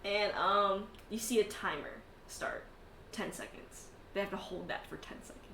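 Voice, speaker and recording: A woman's voice: medium pitch, normal speed, gravelly, echoey room, heavy background noise. A woman narrating a tabletop game as game master, laughing often and swearing casually between filler words.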